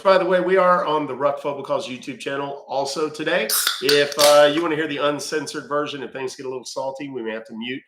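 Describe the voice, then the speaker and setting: A man's voice: medium pitch, pushed and bright, echoey room. A man hosting a livestream who chats loosely and swears freely. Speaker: livestream host. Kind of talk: casual livestream chat.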